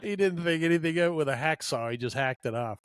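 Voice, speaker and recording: A man's voice: a little high, fast talker, slight background noise. A man co-hosting a hobby podcast, chatting and telling a short story in an easygoing way. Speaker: podcast co-host. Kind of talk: casual chat.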